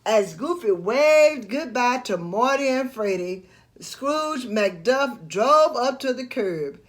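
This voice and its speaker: Storyteller: woman reading a storybook aloud, high, lively, slow. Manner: expressive, slow read-aloud.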